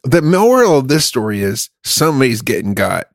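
A man with a gravelly voice riffs goofy, crude jokes in casual podcast chat. His pitch swings widely, and the sound is dry and close to the mic. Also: very animated, a little fast, dry recording. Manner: goofy, riffing, crude humor. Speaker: podcast co-host.

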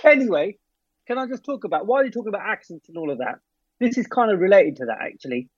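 A man's voice: sits high, sing-song, fast talker, breathy edge, no room sound, muffled recording. A man co-hosting a podcast, earnestly explaining his point in casual banter. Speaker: podcast co-host.

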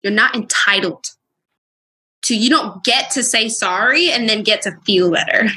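A woman's voice: medium pitch, normal speed, slightly rough. A young woman, a podcast guest, talking bluntly and frankly in a candid conversation. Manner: blunt, straight-talking, animated. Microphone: Instagram live stream.

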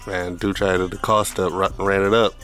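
Low-voiced joking podcast host, a man. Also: flat delivery, normal speed, a bit bright, soft background music. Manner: joking, laid-back, profane banter. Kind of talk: casual chat.

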